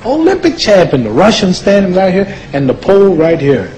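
A man's voice: high voice, moderate pace, poor audio. A man telling humorous, mocking stories to an audience and acting out voices and sounds. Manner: folksy, mocking, acts out quotes and sounds. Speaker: former boxer giving a talk. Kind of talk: humorous storytelling speech. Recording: steady background noise.

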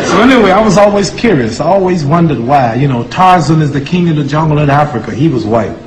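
A man's voice: a little high, brisk. A man telling humorous, mocking stories to an audience and acting out voices and sounds. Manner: folksy, mocking, acts out quotes and sounds. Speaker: former boxer giving a talk. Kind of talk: humorous storytelling speech. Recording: steady background noise.

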